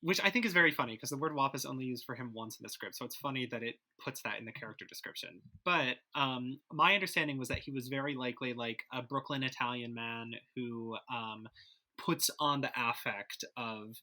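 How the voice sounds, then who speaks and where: A man talks through his ideas on a podcast with a loose, wandering delivery full of fillers. His voice is very bright and forward, sitting at an ordinary pitch for a man. He sounds relaxed and conversational. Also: brisk. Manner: rambling, hedging with likes and ums. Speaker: podcast cast member. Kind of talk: casual discussion.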